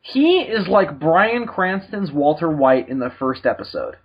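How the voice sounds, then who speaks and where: A man co-hosting a podcast in casual chat, jokey and quick to laugh. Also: on the high side, very animated, breathy edge. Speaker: podcast co-host. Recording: dull lo-fi recording.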